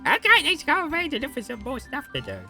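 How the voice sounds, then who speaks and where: Young male gamer streamer, chatty, laughs a lot, bright lively voice, faint music behind. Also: very high-pitched, fast, gravelly. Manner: chatty and giggly, often laughing mid-sentence. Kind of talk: casual game livestream chat.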